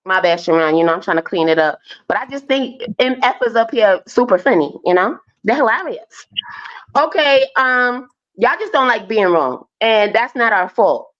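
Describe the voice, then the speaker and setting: A woman's voice: fairly high pitch, a bit bright. A woman on a live panel debate, brash and taunting, laughing at her opponents. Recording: dull lo-fi stream audio.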